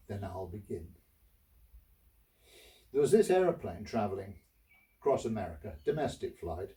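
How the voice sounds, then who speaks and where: A man's voice: fairly low pitch, dark tone, recorded from a distance, rough recording. A man, a bishop giving a chatty storytelling homily, full of asides to the listener. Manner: conversational, restarts, asides to listener.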